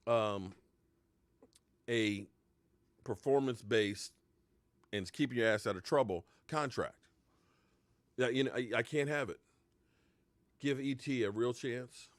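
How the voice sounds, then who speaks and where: A man's voice: medium pitch, dry recording. A man hosting a casual live stream about football, rambling, answering viewers' comments and slipping into playful mock heartbreak. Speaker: live-stream sports talk host.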